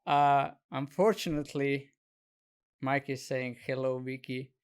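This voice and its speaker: A man's voice: medium pitch, fairly even intonation, unhurried, clean tone. A man hosting a podcast in casual chat, laughing often and leaning on "you know" as he talks. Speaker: podcast host.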